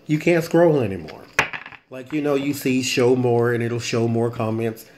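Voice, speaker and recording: A man's voice: mid-range voice, normal speed, background noise. A man hosting a casual late-night tarot reading vlog, rambling and chatty as he thinks aloud, with stifled yawns. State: yawning, late-night tired. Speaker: tarot reader, channel host.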